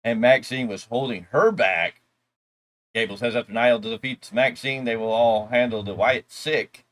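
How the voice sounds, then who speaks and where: A man's voice: medium pitch, moderate pace, fairly bright tone. Casual man recapping wrestling. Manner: rambling, loose asides and mocking imitations. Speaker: wrestling show reviewer, co-host.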